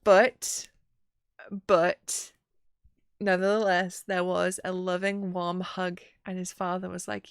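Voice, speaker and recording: A woman's voice: fairly low pitch, vocal fry, smooth, no echo, studio quality. A woman game master casually recapping a session, animatedly acting out the characters. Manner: animated, acts out characters in quick voices.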